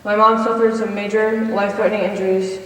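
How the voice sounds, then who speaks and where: A woman's voice: medium pitch, flat delivery, fast talker. A woman in her twenties giving a personal testimony in chapel, earnestly reading from notes and cueing slides. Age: 20s. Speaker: college senior speaker. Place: chapel hall. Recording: echoey hall from far off.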